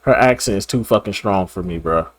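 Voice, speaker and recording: A man's voice: low-pitched, a little fast. A man hosting a reaction video, talking bluntly and profanely in casual commentary, laughing and repeating himself.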